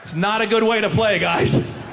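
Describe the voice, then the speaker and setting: A middle-aged male comedian with a high voice works the stage, throwing himself into voices and sound effects. He is recorded live on a handheld mic, with a loud, laughing crowd and clear noise all around him. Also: moderate pace, big-room sound. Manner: animated, acts out voices and sounds. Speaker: stand-up comedian. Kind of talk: stand-up comedy set.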